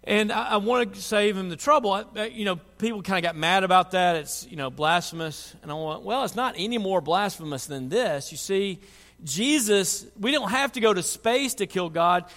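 A man preaching a sermon, moving from quiet reflection to loud, impassioned pleading. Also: high voice, moderate pace. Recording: long hall reverb.

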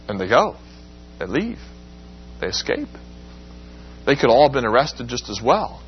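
A man teaching a Bible class, lecturing in a lively way and acting out quoted lines. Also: normal speed, husky, dull audio. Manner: animated, acts out quotes with rising pitch.

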